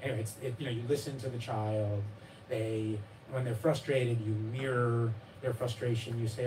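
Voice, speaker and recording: The speaker, an author at a live bookstore reading, has a medium-pitched voice with fairly even intonation and a moderate pace. Rambling and self-mocking, he stumbles through restarts and fillers while laughing as he voices his child and his readers. Noise and room ambience come through a distant mic.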